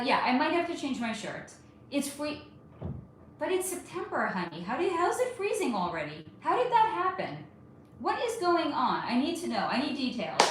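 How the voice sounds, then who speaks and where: A chatty woman in her thirties from California hosts a casual livestream, greeting viewers as honey and darling. Her fairly high voice swings lively up and down. The room is very echoey, with a faint hum of ambience behind her. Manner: warm-toned, calls viewers honey and darling, chatty and animated.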